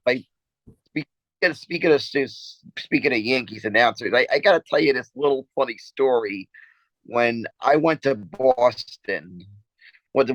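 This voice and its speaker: A man co-hosting a podcast, telling stories in a halting, rambling way with many repeated words and frequent laughs. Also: mid-range voice, a bit bright, no room sound, rough recording. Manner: laughs often while talking. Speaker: podcast co-host. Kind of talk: casual chat.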